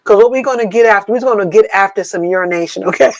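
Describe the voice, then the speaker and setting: A woman's voice: medium pitch, fast talker, noisy background. A woman in her fifties co-hosting a podcast from her home office, talking in an emphatic, playful, somewhat preachy way. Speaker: podcast co-host. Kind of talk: casual podcast chat.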